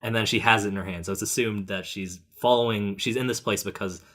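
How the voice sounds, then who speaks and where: A man co-hosting a casual film podcast, talking animatedly and acting out characters in quick voices. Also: fairly low pitch, fairly even intonation, a bit bright. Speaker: podcast co-host.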